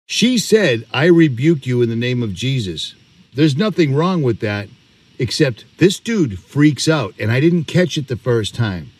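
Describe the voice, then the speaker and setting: A man's voice: mid-range voice, big pitch swings, unhurried, slightly rough, dry recording. A man speaks to his camera outdoors in an earnest, preaching tone. He drives his points home by repeating words. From Boston, USA. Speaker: vlogger. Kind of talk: emphatic commentary to camera. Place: outdoors on a rural property.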